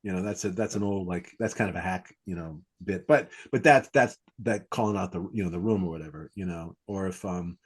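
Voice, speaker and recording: A man's voice: low voice, brisk, few pauses, slightly rough. A man hosting a podcast about stand-up comedy, talking casually and animatedly, acting out quoted lines. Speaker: comedy coach and podcast host.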